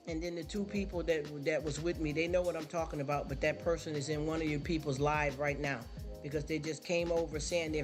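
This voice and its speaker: A man with a slightly high voice lectures his livestream viewers in a loose, preachy rant. He circles back on his points and keeps firing rhetorical questions at them. Music plays steadily under his voice. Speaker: livestream host. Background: background music.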